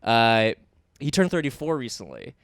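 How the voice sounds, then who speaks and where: A man in his early thirties trades loose, self-mocking jokes on a comedy podcast, laughing as he goes. His voice is smooth and clean, heard close and dry with no room around it, at a middling pitch. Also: wildly swooping pitch, moderate pace, a bit bright, no echo. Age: 30s. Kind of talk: casual podcast chat.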